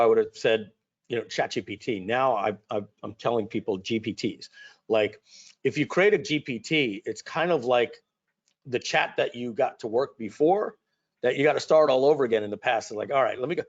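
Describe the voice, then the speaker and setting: A man on a video call giving a casual, animated business talk and acting out quotes as he goes. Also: medium pitch, moderate pace. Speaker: guest expert. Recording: dull lo-fi call audio.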